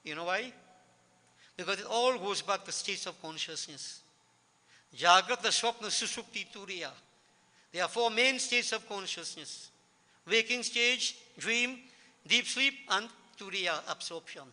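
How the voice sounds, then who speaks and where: Bright, high-pitched man preaching in a reverberant hall. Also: unhurried. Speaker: spiritual teacher. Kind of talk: sermon at a devotional gathering.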